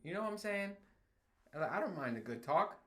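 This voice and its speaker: A man's voice: high voice, brisk. A young man hosting his own podcast, ranting in casual, profane solo talk that he breaks up with laughs and sudden outbursts. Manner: profane, animated storytelling with frequent laughs. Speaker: podcast host.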